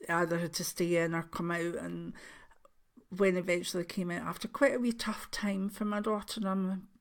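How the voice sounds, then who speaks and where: Older Scottish woman, a vlogging gran, gravelly voice, rambling and emotional chat. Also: fairly low pitch, flat delivery, normal speed. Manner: warm, rambling, emotional, with soft laughs. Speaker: spiritual channel host. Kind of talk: casual chat to camera.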